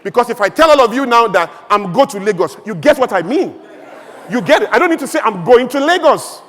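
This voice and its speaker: A man with a Nigerian accent addresses a conference crowd in a high, ringing voice. He speaks with emphatic, animated oratory and builds through rhetorical questions. His words trail off into the long reverb of a large hall. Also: a little fast. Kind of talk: public speech.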